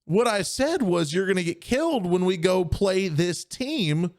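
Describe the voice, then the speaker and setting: Animated man telling a story. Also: sits high, measured pace. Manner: animated storyteller acting out quoted voices. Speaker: podcast co-host. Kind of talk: casual storytelling chat.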